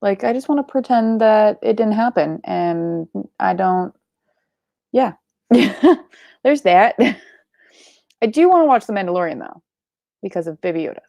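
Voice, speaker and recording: Sleepy, chatty young woman with vocal fry. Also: medium pitch, animated, unhurried, long pauses, warm tone, no room sound. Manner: chatty, rambling, swears casually, yawning and sleepy. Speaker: book club live show host. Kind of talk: casual live-stream chat.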